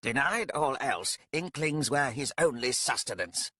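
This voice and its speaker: A weary ancient Jaghut, as a male narrator puts him on in a fantasy audiobook. He speaks slowly and drily, his words measured and sardonic. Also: medium pitch, expressive, bright, forceful tone, dry recording, pitched above the performer's own voice. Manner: dry, sardonic.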